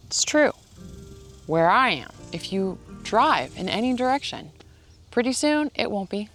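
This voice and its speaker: A woman's voice: mid-range voice, big pitch swings, measured pace, fairly bright tone, faint music behind. A woman vlogging outdoors in the shade, ranting in a sarcastic, joking way. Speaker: ranch vlogger. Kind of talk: casual vlog monologue.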